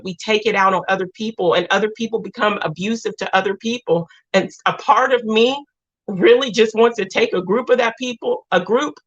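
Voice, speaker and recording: Woman, livestream host, heartfelt rambling chat; dull low-fi stream audio. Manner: rambling, heartfelt, with many restarts. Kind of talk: emotional livestream chat with viewers.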